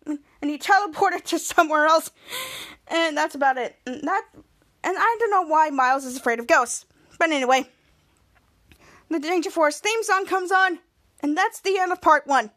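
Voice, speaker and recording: A woman's voice: high voice, fairly bright tone. A woman hosting a podcast, retelling a TV episode scene by scene in a rambling, stop-start way with many restarts. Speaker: podcast host. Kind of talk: casual recap of a TV episode.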